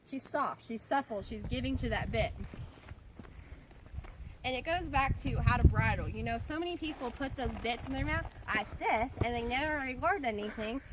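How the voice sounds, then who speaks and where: A woman's voice: on the high side, moderate pace. A woman horse trainer giving chatty instructional commentary while riding, repeating key words for emphasis. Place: outdoors with a horse. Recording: noisy outdoor audio with hoofbeats.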